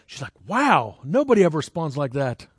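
A man's voice: sing-song, fairly quick, slightly rough, no room sound, studio quality. A man preaching a sermon in a conversational way, telling personal stories and asking the crowd questions. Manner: jumps into high voices when acting out people.

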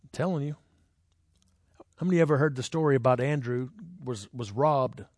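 This male preacher talks at normal speed with a darkish tone and a dry sound, free of room ambience. His sermon weaves in personal stories, and he chats with the congregation by asking them questions, switching to high voices when imitating people.

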